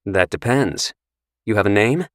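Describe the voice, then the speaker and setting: A man's voice: on the low side, lively intonation, a little slow, dry recording, studio quality. A man doing a flustered rich college boy. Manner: awkward, boyish.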